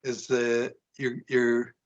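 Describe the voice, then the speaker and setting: A male host interviewing a guest, halting and searching for words, with frequent laughs. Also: medium pitch, completely flat delivery. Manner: hesitant, many fillers and restarts, laughs often. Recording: slightly dull, lo-fi sound.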